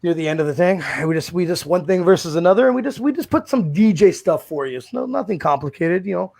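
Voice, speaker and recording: A man's voice: high-pitched, animated, quick pace, vocal fry, darkish tone. A man hosting a podcast, asking questions and joking with the guest in a casual, profane way. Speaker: podcast host.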